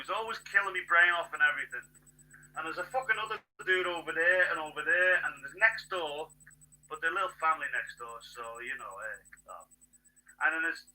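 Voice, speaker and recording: A man in a rambling, agitated monologue, swearing and bursting into shouts. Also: high voice, low-quality recording.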